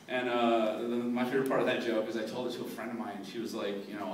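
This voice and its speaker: A man's voice: medium pitch, very animated, moderate pace. A man doing a stand-up comedy set, rambling and self-deprecating, with many fillers and restarts. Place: comedy club stage. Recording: echoey club room, from far off, with audience laughter. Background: crowd laughing.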